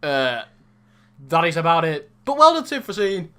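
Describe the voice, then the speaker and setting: A man's voice: a little high, very animated, normal speed, a bit bright, clean tone. A young man co-hosting a casual sports podcast, ranting in mock exasperation and joking with his co-host.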